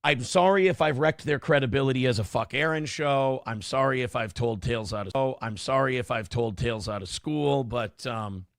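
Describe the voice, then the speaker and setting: A man's voice: mid-range voice, moderate pace, few pauses, no room sound, clean studio sound. A man hosting a live-streamed morning talk show, sarcastic and combative, over and over saying he is sorry. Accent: Upper Midwest American. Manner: repeatedly apologizing, sarcastic and combative.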